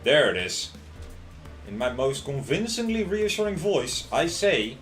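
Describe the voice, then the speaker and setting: A man's voice: on the high side, big pitch swings, unhurried, fairly bright tone, roomy sound, soft background music. A man streaming live, reading a visual novel aloud in a dry, wry first-person voice.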